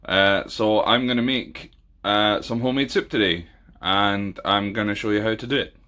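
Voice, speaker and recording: A man's voice: fairly low pitch, normal speed, sharp tone. A man hosting a casual home cooking video, talking in a chatty, rambling way with many fillers, recorded on a camera in a kitchen. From Scotland. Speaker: podcast host.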